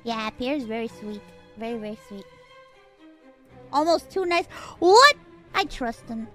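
A woman chatting casually while streaming a game, talkative and quick to giggle. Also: on the high side, expressive, faint music behind. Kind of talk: casual gameplay chat.

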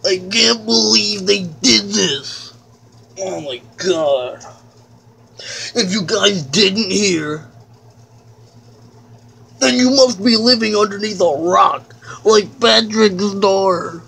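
A man's voice: high-pitched, takes it slowly, vocal fry, long pauses, sharp tone, heavily acted. A man voicing a whiny fat man who rants and complains, close to tears, in a comedic rant to camera. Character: whiny fat man ranting, easily upset.

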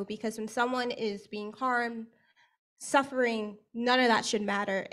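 A young woman who works as a service provider, speaking earnestly on a panel and often checking in with "right?". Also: on the high side. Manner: earnest, frequent tag questions. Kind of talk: panel discussion remarks.

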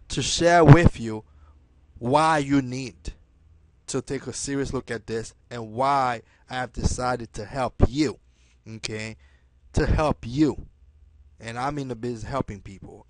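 A man making a direct-to-camera sales pitch as a network marketing recruiter, pushy and halting, dropping "okay?" again and again, with loud bursts of emphasis and quiet trailing asides. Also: no room sound. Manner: pushy, repeats "okay?" often, halting restarts.

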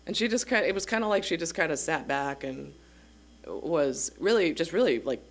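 A young woman with a low voice tells a story to her congregation in a chatty, rambling way. She strings her thoughts together with lots of fillers and restarts. She sounds casual and unscripted. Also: animated, moderate pace. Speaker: congregation member sharing a story. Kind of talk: personal story at a church service. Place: church sanctuary.

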